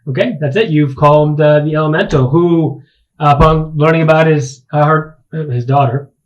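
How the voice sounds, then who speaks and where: A man's voice: a little high, normal speed, highs cut off. A man narrating a tabletop game as game master, rambling through the scene with many fillers and restarts.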